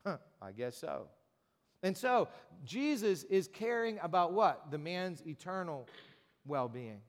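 A man with a high voice preaches a sermon to his congregation. He talks in a conversational way and acts out the voices of people in his story. His words ring with the long reverb of a church hall. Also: very animated, unhurried. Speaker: pastor. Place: church sanctuary.

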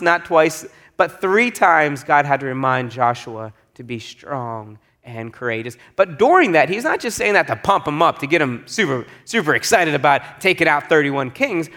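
Man, pastor, sermon, relaxed conversational preaching, emphatic repeats, higher-pitched voice.

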